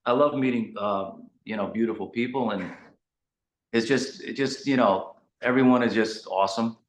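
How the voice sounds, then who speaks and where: A man, a guest rock singer, telling casual interview anecdotes in a rambling, animated way with lots of fillers. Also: mid-range voice, moderate pace. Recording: roomy echo.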